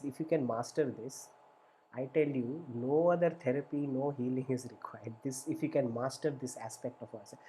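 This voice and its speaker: A man's voice: fairly high pitch, dark tone. A middle-aged man, a therapist, gives a spoken teaching session in an earnest, repetitive way, often checking in with "right?" and acting out inner voices in quotes. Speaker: therapist and workshop facilitator.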